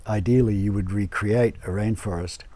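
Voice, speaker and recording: A man whose voice is on the low side talks about running his eco lodge and permaculture garden in a casual home interview indoors. Relaxed and unhurried, he restarts often and uses many fillers.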